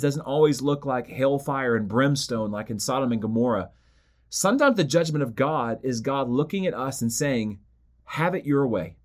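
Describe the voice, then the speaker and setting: Reading scripture aloud as he teaches through a book of the Bible, a man with a medium-pitched voice emphasizes his points by slowing down and repeating phrases.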